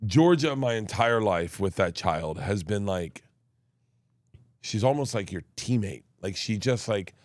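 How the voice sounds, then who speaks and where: A comedian talking as a guest in a casual chat, telling stories in a rambling way with many restarts. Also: male voice, fairly low pitch, animated, measured pace, darkish tone, no echo. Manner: rambling storyteller, restarts often.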